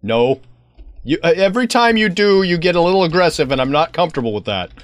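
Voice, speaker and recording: Excitable gamer guy with a wildly swinging pitch. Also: fast, dry recording. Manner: excitable, talks to the game's keys and locks; silly, playful banter with sudden yelps. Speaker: let's play gamer. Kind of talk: playing a horror maze game. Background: game music.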